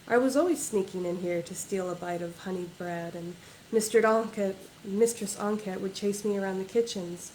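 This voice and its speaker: A woman's voice: medium pitch, darkish tone, slight background noise, poor audio. A woman author reading aloud from her own novel at a livestreamed book launch, in a plain reading voice without character voices or accents.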